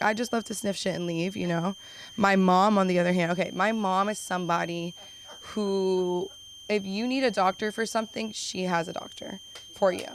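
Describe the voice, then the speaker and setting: A woman's voice: medium pitch, slight background noise, poor audio. A young woman doing a stand-up set at an open mic, chatty and self-deprecating, often slipping into silly voices. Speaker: stand-up comedian. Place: comedy club stage.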